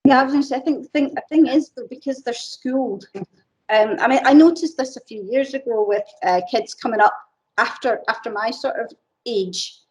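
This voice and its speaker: A woman's voice: a little high, a little fast, darkish tone, poor audio. A woman, interviewing a guest in a casual chat, often restarting her sentences. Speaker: library interviewer.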